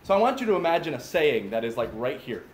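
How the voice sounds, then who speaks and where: A man's voice: on the high side, big pitch swings, quick pace, a little hiss or hum. A man giving an informal, conversational sermon, talking straight to his listeners with asides. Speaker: pastor. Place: father-son camp gathering. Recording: echoey room, faint background ambience.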